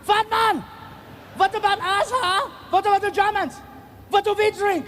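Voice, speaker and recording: A shrill, high voice yelling with indignation: a man puts on a huge, angry German heckler bellowing at the stage. It sits far above his usual register and is pushed hard and loud. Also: fairly even intonation, normal speed, in a large hall, a little hiss or hum. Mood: indignant.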